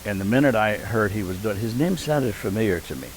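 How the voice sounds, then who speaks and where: This older man, a veteran of community theater being interviewed, speaks fairly quickly with a voice on the low side. He reminisces through anecdotes and perks up when quoting others, over a rough recording with slight background noise.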